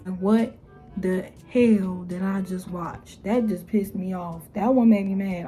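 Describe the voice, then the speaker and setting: A young woman talking casually to camera, blunt and exasperated, with slangy phrasing and mocking quotes in a higher voice. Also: steady tone, unhurried, mellow, faint music behind. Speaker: YouTuber. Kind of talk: casual opinion vlog.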